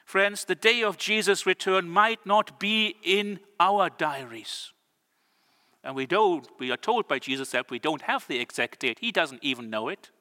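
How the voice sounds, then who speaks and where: Male preacher, earnest, drawn-out emphasis; bright, forceful tone. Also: fairly high pitch. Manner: earnest, slows words for emphasis. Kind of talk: sermon. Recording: long church reverb.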